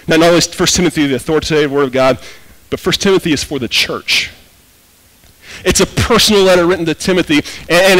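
A man preaching a sermon as pastor, telling stories in an animated way and rising almost to shouting for emphasis. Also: sits high, poor audio. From Oklahoma.

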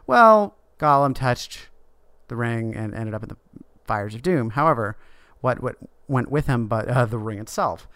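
A man co-hosting a casual book podcast, retelling the story and slipping into quick quoted voices. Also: medium pitch, animated, fairly bright tone, smooth, dry recording. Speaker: podcast co-host. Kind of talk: casual book discussion chat.

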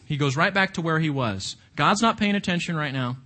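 A man teaching through a Bible book, animated and often asking his listeners questions. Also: on the high side, a little fast, few pauses. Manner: animated, asks the audience questions.

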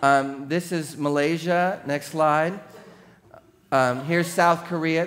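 A male pastor delivering a sermon, with a voice pitched higher than most men. He tells the story playfully and animatedly, slipping into quick mock voices for the people in it. He preaches to a gathered congregation in a church. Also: fairly even intonation, fairly bright tone.

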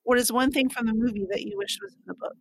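Animated woman with a bright high voice. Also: a little hiss or hum, rough recording. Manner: animated, acts out characters' lines in quick bursts. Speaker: podcast co-host. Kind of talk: casual chat recapping a book and movie.

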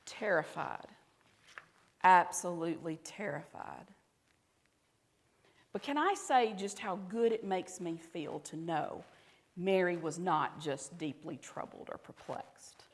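A woman pastor with a Southern US accent delivers a conversational sermon in a fairly low voice. She talks to the congregation and at times drops to soft, intimate tones. The sound rings with the long reverb of a church hall. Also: expressive, slow.

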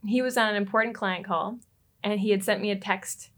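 A woman, a relationship coach, telling a personal story as a podcast guest, lively and quick to laugh. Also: mid-range voice. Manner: animated, laughs often and acts out quoted lines.

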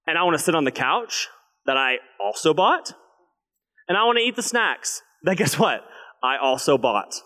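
A young man preaching a sermon to his church, telling a family story with lively storytelling and then dropping into a hushed, intense delivery. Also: high-pitched. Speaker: pastor. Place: church sanctuary. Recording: long hall reverb.

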